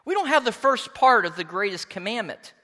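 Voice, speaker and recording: Lively high-voiced male preacher. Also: fairly quick, in a large hall. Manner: expressive preaching, emphatic, reads scripture aloud. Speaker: pastor. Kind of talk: sermon.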